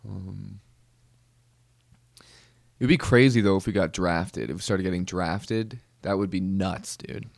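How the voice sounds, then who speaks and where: A man's voice: deep voice, a little slow, vocal fry, long pauses, no room sound. A man hosting a podcast, doing a rambling, joking comedic monologue. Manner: rambling, joking, full of fillers and restarts. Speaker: podcast host.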